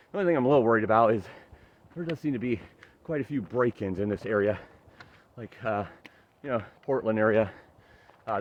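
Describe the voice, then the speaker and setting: Outdoors on a steep forest trail, a hiking vlogger narrates his climb in a casual, upbeat way, a little winded from the ascent. His voice is on the low side and the recording is muffled. He's chatty, laughs at himself and uses many "uh" fillers.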